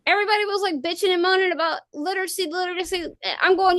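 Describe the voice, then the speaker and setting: A woman's voice: very high-pitched, steady tone, quick pace, few pauses, a bit bright, no room sound. A woman co-hosting a casual talk podcast, blunt and profane, ranting freely. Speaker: podcast co-host. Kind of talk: casual chat.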